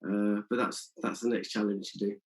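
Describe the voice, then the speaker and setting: Low-voiced Nottingham promoter, halting. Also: male voice, flat delivery, rough recording. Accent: Nottingham English. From England. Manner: halting, many fillers. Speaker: music promoter. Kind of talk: casual interview chat.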